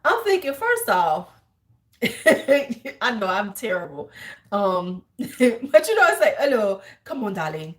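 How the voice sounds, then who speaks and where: Brief: beauty-stream host in her forties, slangy, chatty storyteller with a slightly high voice. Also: takes it slowly. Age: 40s. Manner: animated, laughing, slangy storyteller. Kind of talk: casual livestream chat.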